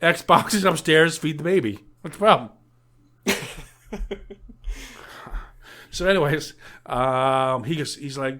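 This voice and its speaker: A man's voice: mid-range voice, steady tone, a little slow, fairly bright tone. A man on a podcast recapping a film in casual chat, swearing often, laughing a lot and acting out the characters' lines. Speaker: podcast co-host.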